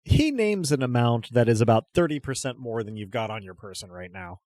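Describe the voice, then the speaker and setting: A man running a tabletop game, narrating scenes with a lively, rising and falling voice. He talks in a relaxed way, with many small fillers. The sound is close and dry. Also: medium pitch, fairly quick, no room sound. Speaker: game master.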